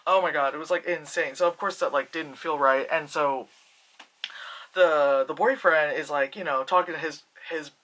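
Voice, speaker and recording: A bright, forceful voice talking through a movie review off the cuff. The delivery rambles, full of "like" and "you know", with plenty of swearing and animated retellings of scenes. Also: mid-range voice, normal speed. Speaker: film reviewer. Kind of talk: casual spoiler movie review.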